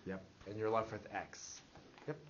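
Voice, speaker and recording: A man's voice: on the low side, level tone, measured pace, lo-fi sound, a little hiss or hum. A man teaching a math class, leading with questions and checking in with his students. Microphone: classroom recording device.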